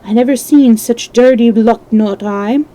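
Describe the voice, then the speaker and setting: A woman's voice: a little high, measured pace, warm tone, natural voice, poor audio. Woman putting on a sly old pirate coxswain. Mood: sly, wheedling. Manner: rough sailor dialect, drawling and sly. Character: wounded scheming old male pirate coxswain.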